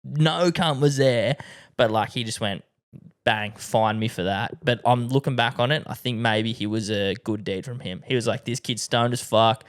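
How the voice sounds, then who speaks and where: Man, Australian accent, young adult, podcast host, casual storytelling, sweary slang, middle pitch. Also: moderate pace. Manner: laid-back storytelling, heavy swearing and slang. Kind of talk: casual chat.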